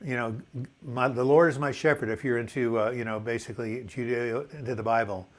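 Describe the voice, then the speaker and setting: A man's voice: medium pitch, steady tone, fairly quick. Older male host, seventies, chatty and upbeat, reads comments aloud, stumbles and restarts words. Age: 70s. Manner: chatty, enthusiastic, repeats words when restarting. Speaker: live chat host. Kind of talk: casual live chat reading viewer comments.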